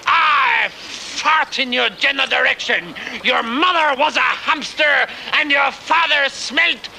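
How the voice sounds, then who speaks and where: A jeering French castle guard. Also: male voice, very high-pitched, slow pace, vocal fry, a little hiss or hum, full character voice. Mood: taunting. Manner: insulting, taunting, shouting. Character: rude, mocking French castle guard, adult man. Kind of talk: comedy film acting.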